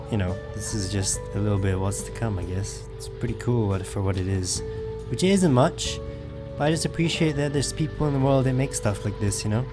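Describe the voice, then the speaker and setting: A man hosting a let's play, talking about his game and shouting commands between chatty asides. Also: mid-range voice. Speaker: gaming video host.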